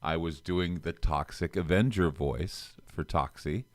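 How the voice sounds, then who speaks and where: A man's voice: low voice, a little slow, no room sound. A male talk show host who interviews a guest in casual chat and tells stories with theatrical flair. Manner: storytelling, theatrical.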